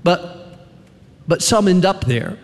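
A man preaching with a high, animated voice that rises and drops sharply. He drives his points home through repeated refrains and long dramatic pauses. His voice rings with the long reverb of a large chapel hall. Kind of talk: sermon to a chapel audience.

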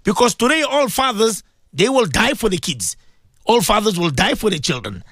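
Male Islamic radio host, preachy and fervent, high lively voice with husky edges, piles on rhetorical questions. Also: normal speed, no echo, clean studio sound. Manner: impassioned, repeats words, many rhetorical questions. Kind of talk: preaching radio talk to listeners.

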